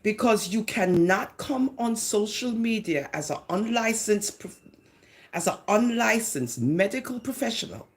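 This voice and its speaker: A woman's voice: medium pitch, expressive, a little slow. A woman with a Jamaican accent giving a sarcastic, mocking commentary rant on her vlog. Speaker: social media commentator.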